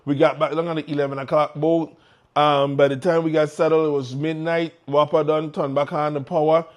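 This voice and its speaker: A male morning show host with a slightly raised pitch. He talks with energy and stays conversational, restarting sentences now and then as he speaks live. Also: flat delivery, fairly quick, muffled recording.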